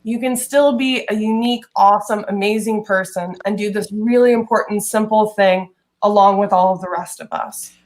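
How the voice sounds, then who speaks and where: A woman talking casually on a podcast, chatty and quick to laugh. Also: medium pitch, steady tone, a little mellow. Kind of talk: casual chat.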